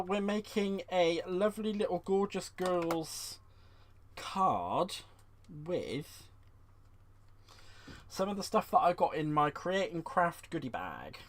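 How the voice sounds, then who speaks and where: A man hosting a live crafting stream at home, chatting to viewers. He is bubbly and excitable, giggles often and uses fond terms like "sweetheart" as he works at a desk mic. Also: high-pitched. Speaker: crafting livestream host. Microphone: desk microphone.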